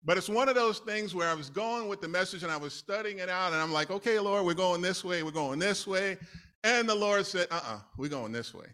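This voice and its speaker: A man's voice: high-pitched, fairly quick, bright, forceful tone. A man from New City, preaching a casual, conversational sermon with laughing asides. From New York City. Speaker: lay preacher.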